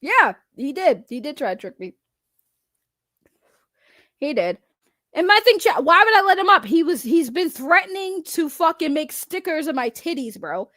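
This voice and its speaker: A young woman with a high voice rants bluntly at her livestream chat, swearing freely. Her voice sits close and dry on a desk mic, with almost no room sound. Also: big pitch swings, moderate pace, fairly bright tone, no room sound. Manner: blunt, heavy swearing, talks straight to chat. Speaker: livestream commentary host. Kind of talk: ranting livestream commentary.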